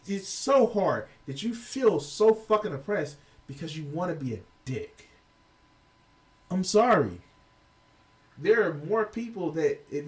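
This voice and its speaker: A man's voice: sits high, a little mellow, distant mic. A man giving heated, profane reaction commentary as a video reviewer, exasperated and ranting.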